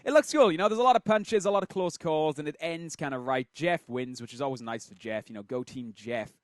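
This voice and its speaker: A man's voice: a little high, a little fast, no room sound. A man hosting a show, casually commenting on game replays and thinking aloud with fillers, close to a desk mic.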